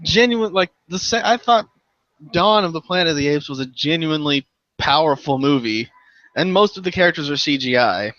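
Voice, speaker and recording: A young American man hosting a casual chat, animated and quick to laugh, swearing freely. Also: on the high side, no echo. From United States. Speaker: channel host. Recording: dull dry lo-fi recording.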